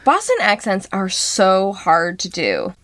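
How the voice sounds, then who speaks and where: A woman co-hosting a film podcast, summing up plots and joking about accents in an expressive, playful way. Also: mid-range voice, slow, no room sound. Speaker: podcast co-host. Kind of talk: casual film review chat.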